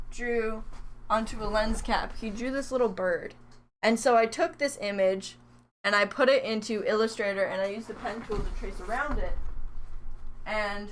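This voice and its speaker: A woman's voice: a little high, fairly bright tone, a little hiss or hum. Chatty young woman crafting on stream. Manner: chatty, rambling, self-deprecating while working on crafts. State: has the hiccups. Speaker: livestreaming crafter. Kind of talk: casual live stream chat.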